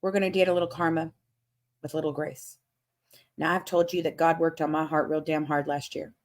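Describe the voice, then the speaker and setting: A woman's voice: deep voice, little pitch movement, brisk. A woman ranting bluntly and profanely on a casual livestream, up all night without sleep. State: has not slept. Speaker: livestream host.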